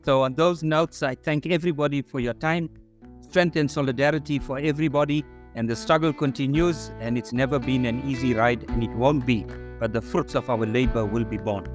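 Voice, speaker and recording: A man's voice: mid-range voice, steady tone, a little fast, soft background music. A man giving formal closing remarks at a symposium, earnest and solemn, calling everyone comrade over a video call. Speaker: symposium speaker.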